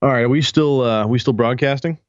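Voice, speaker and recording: A man co-hosting a live talk show in casual chat, halting and repeating words as he tells a story. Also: medium pitch, no echo. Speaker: co-host. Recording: dull lo-fi mic sound.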